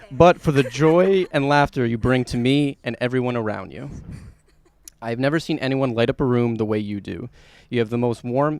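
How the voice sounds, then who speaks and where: Earnest young groom reading vows. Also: male voice, medium pitch, dry recording. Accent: American. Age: young adult. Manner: earnest and heartfelt, lightly joking.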